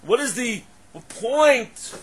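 A man teaching a Torah class in a high, husky voice. He asks question after question, repeating and stressing each one. He scatters Hebrew and Aramaic terms through his English. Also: expressive, extremely slow, fairly bright tone. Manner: poses questions, then repeats and stresses them. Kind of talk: Torah lecture.

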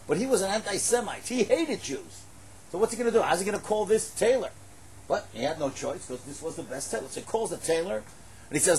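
A man telling a religious story in sermon style, animated and emphatic, rising to exclamations. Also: high-pitched, slight background noise, poor audio.

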